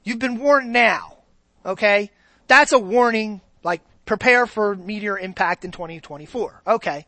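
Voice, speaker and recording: A woman's voice: mid-range voice, measured pace, fairly bright tone, no echo. A woman preaching a sermon in a conversational way, often checking in with the congregation. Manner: conversational, keeps checking in with the audience.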